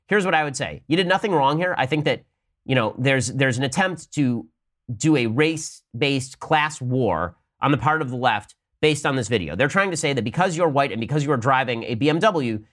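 A young man hosting a commentary show, talking fast and arguing hard. He fires off rhetorical questions one after another while answering listener mail. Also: fairly high pitch, a bit bright. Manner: rapid, argumentative, rhetorical questions. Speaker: host.

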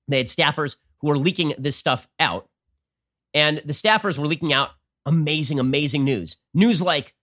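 A man hosting a political commentary show, talking in a rapid-fire, sarcastic and combative way. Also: on the high side, fairly bright tone. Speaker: show host.

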